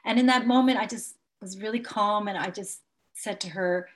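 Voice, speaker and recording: A woman coach in a group discussion, candidly telling a story about a difficult client in an animated way. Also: medium pitch, fairly quick.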